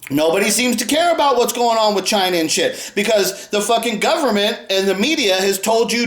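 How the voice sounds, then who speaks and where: A man's voice: high-pitched, animated, brisk, few pauses, a bit bright. Heated swearing guy ranting, mocks people in silly voices, roomy echo. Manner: heated, profane, mocking put-on voices. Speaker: sports card YouTuber. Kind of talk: angry profane rant.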